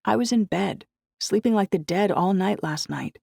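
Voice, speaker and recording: Brief: woman narrator putting on a defensive, quick-tempered teen girl from a storybook, pitched well up, dry close sound. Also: creaky, mellow, no room sound. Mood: pleading. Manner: defensive, pleading. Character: scorched-voiced teenage girl, quick-tempered.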